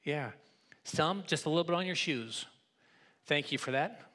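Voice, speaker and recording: A pastor delivers a sermon to his congregation in a church, his voice placed somewhat high for a man. He talks in a relaxed, conversational way, often doubling back on a word before finishing the thought. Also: moderate pace. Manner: conversational, repeats words while restarting, teasing the congregation. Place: church sanctuary.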